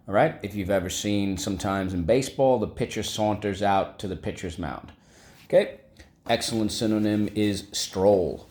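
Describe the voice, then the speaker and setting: A man's voice: fairly low pitch, moderate pace, darkish tone. A male teacher giving a vocabulary lesson to children, prompting the class to repeat words and praising their answers. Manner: call-and-response prompting, upbeat encouraging. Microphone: recorded video lesson.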